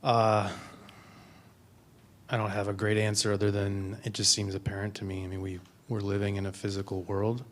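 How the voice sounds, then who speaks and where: Thoughtful young man, low voice. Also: little pitch movement, normal speed. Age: young adult. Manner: thoughtful, tentative. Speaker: congregant. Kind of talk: answering a question in church.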